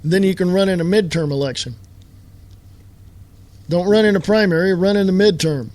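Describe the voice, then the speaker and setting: High-voiced man ranting. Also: moderate pace, darkish tone. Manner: heated, sarcastic, rhetorical questions. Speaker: live show host. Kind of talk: political rant monologue.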